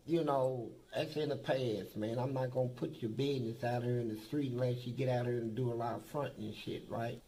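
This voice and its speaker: A man's voice: medium pitch, gravelly, a little mellow, a little hiss or hum, rough recording. An older man, a former prisoner, telling blunt, profane stories in a documentary interview. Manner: blunt, profane, boastful storytelling.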